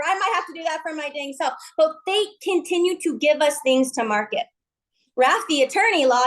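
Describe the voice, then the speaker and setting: High, gushing woman giving a pep talk. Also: low-quality recording. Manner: gushing, pushy and chatty. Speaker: MLM team leader on a team call.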